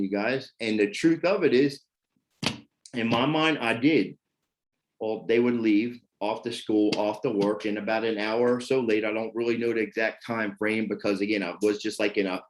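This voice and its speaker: Man telling his story with rambling fillers. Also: mid-range voice. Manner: rambling, repeats fillers like "you know what I mean". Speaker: person sharing his recovery story. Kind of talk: candid personal testimony.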